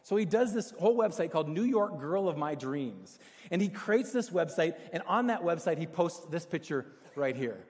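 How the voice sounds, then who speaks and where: A man's voice: fairly high pitch, lively intonation, normal speed, a little mellow. A man preaching as a pastor, telling stories in a casual, chatty and self-deprecating way to his church. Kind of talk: casual storytelling sermon. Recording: long hall reverb.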